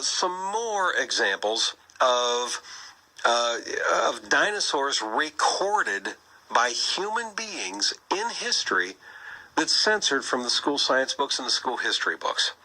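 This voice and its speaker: Bright-voiced man arguing on talk radio. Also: medium pitch, rough recording. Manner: energetic, persuasive, asks rhetorical questions. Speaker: radio talk show host. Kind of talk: Christian apologetics talk.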